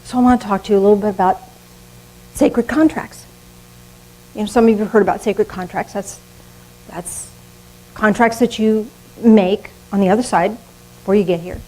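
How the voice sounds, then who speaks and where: An older woman preaching a sermon in a lively, conversational way, often laughing at herself. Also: mid-range voice, moderate pace, pauses often, poor audio. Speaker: minister.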